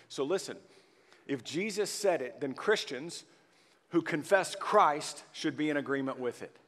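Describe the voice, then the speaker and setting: A man preaching a sermon, his voice pitched fairly high for a man. He builds emphasis on key words and calls out for the congregation to answer. The sound carries a long reverberant tail from the church hall. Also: fairly bright tone. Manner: emphatic, rises and presses on key words, call-and-response with the congregation. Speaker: pastor.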